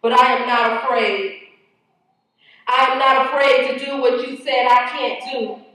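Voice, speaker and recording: A woman's voice: high voice, steady tone, unhurried, sharp tone. A woman with a nasal voice who introduces her piece and performs spoken word poetry. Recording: echoey hall, mic heard from far.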